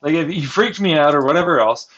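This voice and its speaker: A man's voice: fairly high pitch, lively intonation, fast, a bit bright. Agitated young man ranting, lo-fi. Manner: agitated, swearing, mimics others in heated back-and-forth. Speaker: vlogger. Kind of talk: rambling personal vlog rant. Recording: dull lo-fi audio with clear background noise.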